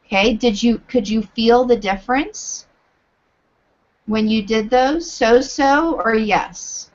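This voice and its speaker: A woman teaching yoga teacher trainees over a video call, giving clear, deliberate instructions. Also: a little high, dull audio. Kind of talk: live online teacher training.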